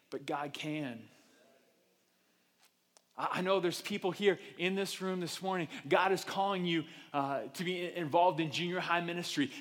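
A man preaching a sermon in an animated, self-deprecating way, acting out the voices he quotes, in a church auditorium. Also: high-pitched. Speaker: pastor. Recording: reverberant hall.

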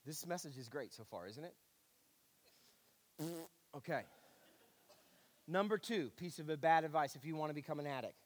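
A man's voice: fairly high pitch, lively intonation, normal speed, pauses often, long reverb tail. A male pastor preaching a sermon, earnest and repetitive, with a wry, self-deprecating sarcasm.

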